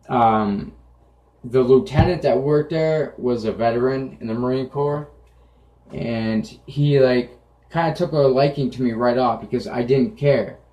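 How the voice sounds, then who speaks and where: Young male vlogger, matter-of-fact storyteller, swears freely; average pitch, recorded in an echoey room. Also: dark tone, dull audio. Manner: blunt, profane, matter-of-fact. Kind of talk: casual storytelling.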